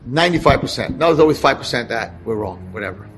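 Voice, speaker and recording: A rabbi telling a story to an audience, animated and acting out the lines of the people in it. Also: male voice, medium pitch, fast talker, soft background music. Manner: animated, acts out dialogue. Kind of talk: storytelling talk.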